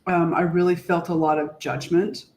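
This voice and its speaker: A woman co-hosting a podcast, talking in a casual, heartfelt way, reflective and halting as she searches for words. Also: on the low side, level tone, darkish tone. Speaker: podcast co-host. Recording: echoey room.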